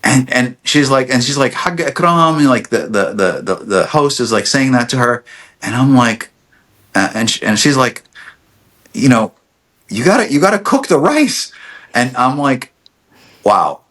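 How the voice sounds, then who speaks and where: A man's voice: medium pitch, a little slow. A middle-aged man casually telling a family story on a podcast, acting out quotes with lots of restarts. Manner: animated storyteller, acts out quotes, many restarts. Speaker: podcast guest, dentist.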